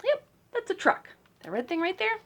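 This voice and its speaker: A woman librarian reading a picture book aloud to children, playful and teasing, with dramatic gasps and hushed asides. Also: extremely high pitch, wildly swooping pitch, moderate pace, a little hiss or hum.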